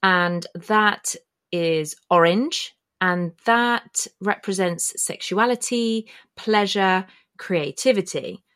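A woman's voice: medium pitch, slow, a bit bright, clear, resonant tone. A woman hosting her own podcast, explaining a spiritual topic in a chatty, meandering way and correcting herself as she goes. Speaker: podcast host. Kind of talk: casual spoken explainer. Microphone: filmed while talking, pointing to body.

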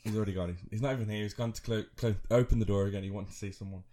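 A man's voice: fairly low pitch, steady tone, rapid-fire, dark tone. A man in his thirties co-hosting a podcast, rambling through a story with frequent laughs and self-mocking asides. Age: 30s. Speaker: podcast co-host. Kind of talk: casual chat.

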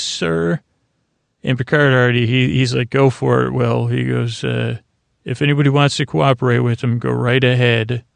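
A man with a gravelly, mid-pitched voice casually recaps an episode, rambling and restarting as he goes. The sound is dry and close, with no room around him. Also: dry recording. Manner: loose, rambling retelling full of fillers and restarts. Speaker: podcast host.

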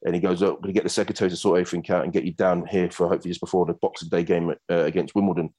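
Male guest, very low voice, brisk storyteller. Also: husky. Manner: fast, animated anecdotes with acted quotes. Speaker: former footballer guest. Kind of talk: casual storytelling interview.

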